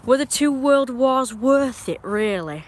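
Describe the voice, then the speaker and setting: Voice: high voice, animated, takes it slowly. A live streamer with an English accent, talking in a meandering, opinionated way with frequent restarts and asides. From England. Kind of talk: rambling casual chat on a live stream.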